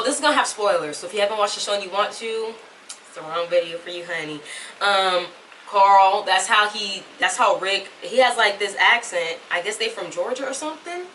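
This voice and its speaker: A woman's voice: mid-range voice, pushed and bright. A young woman with a put-on Southern US drawl, chatting to camera in a rambling, talkative way, recorded at home. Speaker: vlogger. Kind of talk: casual chat to camera. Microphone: camera mic at a distance. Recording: distant camera mic, faint room noise.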